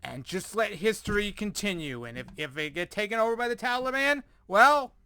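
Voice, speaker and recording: A man's voice: sits high, expressive, a little fast, bright, forceful tone, slight background noise. A man ranting sarcastically in a commentary video, exasperated and profane, sighing often and repeating himself in frustration. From United States. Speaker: commentator reacting to news articles.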